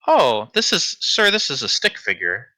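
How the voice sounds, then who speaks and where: A man's voice: mid-range voice, huge pitch swings, normal speed, sharp tone, no room sound, pitched above the performer's own voice, full character voice. A man voicing a flustered, grieving young man who talks in a fumbling, apologetic way.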